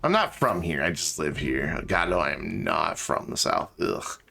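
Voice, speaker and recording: A man's voice: low-pitched, big pitch swings, measured pace, creaky, bright, forceful tone. A man chatting casually while he streams a game, joking and talking to objects in it. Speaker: live streamer. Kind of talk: casual gameplay stream chat.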